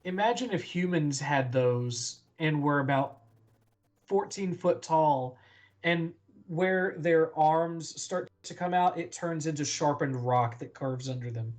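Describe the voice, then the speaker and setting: A player in a casual tabletop game, explaining things in a halting way with restarts. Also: mid-range voice, a little mellow.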